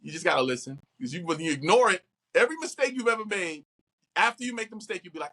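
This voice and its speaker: A middle-aged man, an actor, talking animatedly in an interview and acting out quoted voices. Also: fast talker. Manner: expressive, acts out quotes with big pitch jumps.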